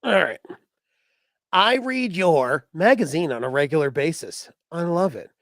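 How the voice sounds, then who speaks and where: Comedy co-host, male, mocking and profane, slightly high voice, dry studio. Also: lively intonation, a little slow, fairly bright tone, no echo. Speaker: podcast co-host. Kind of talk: comedic magazine read-along chat.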